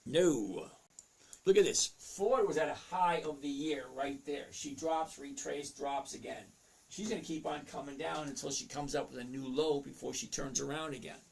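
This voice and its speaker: Man, casual livestream host, gravelly voice, a little high, chatty, answers chat. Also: moderate pace. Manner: chatty, reads chat names aloud, talks to himself over charts.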